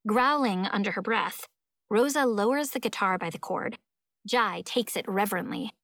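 A woman narrating a children's fantasy audiobook in the first person, lively and expressive. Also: medium pitch, normal speed, dry recording, studio quality.

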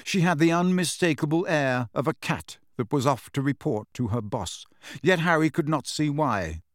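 A man narrating an audiobook in a steady, measured storytelling voice. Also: fairly high pitch, no room sound, studio quality.

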